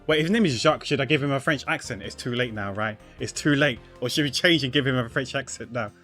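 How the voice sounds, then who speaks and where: A man giving casual, rambling commentary while playing a game, full of fillers and restarts that trail off quietly. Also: mid-range voice. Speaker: gamer.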